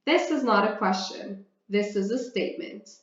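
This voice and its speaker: A woman's voice: mid-range voice, normal speed. A woman from Canada teaching an English grammar lesson, explaining step by step and often asking and answering her own questions. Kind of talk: slow, careful grammar lesson. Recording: roomy, slightly dull sound.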